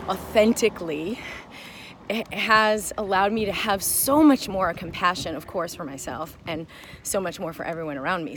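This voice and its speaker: A woman's voice: on the low side, a little hiss or hum. A woman, middle-aged, talking through a personal reflection in a casual, conversational way, full of fillers and restarts. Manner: acts out quoted voices with animated emphasis. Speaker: mind-body wellness teacher.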